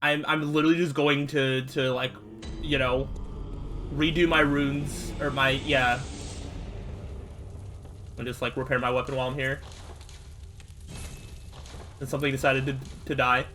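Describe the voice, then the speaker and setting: A young man giving casual let's-play commentary, frustrated and swearing at the game, with outbursts and low muttering. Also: steady tone, a little slow, long pauses, pushed and bright, slight background noise. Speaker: gaming streamer.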